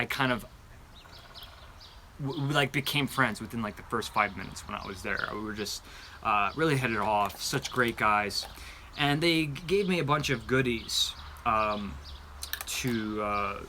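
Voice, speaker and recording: A man's voice: on the low side, pushed and bright, a little hiss or hum. A man hosting a live show-and-tell about candles, talking in a chatty, rambling way with many fillers, eagerly describing scents. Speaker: candle review channel host.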